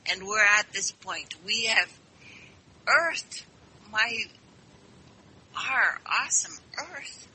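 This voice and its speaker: Slow, bright-voiced woman caller on the phone. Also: medium pitch, a little hiss or hum, poor audio. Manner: earnest, rambling, enthusiastic. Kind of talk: casual call-in chat.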